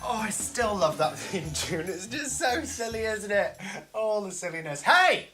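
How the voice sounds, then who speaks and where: A man's voice: high voice, normal speed, over music. A man hosting a live comedy stream, chatting playfully and joking at his own expense while reading viewer comments. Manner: playful, self-mocking, animated, jokes at his own expense. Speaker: host of a live comedy show.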